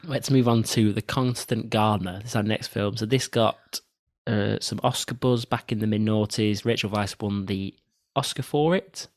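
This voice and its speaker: A man's voice: on the low side, moderate pace. A man hosting a casual film review chat, steering the talk with dry sarcastic asides. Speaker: film podcast host.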